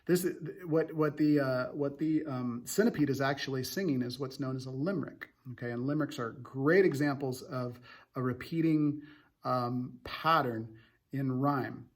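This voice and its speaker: A young adult male teacher reading a novel aloud to students, stopping for casual, halting explanations. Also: mid-range voice.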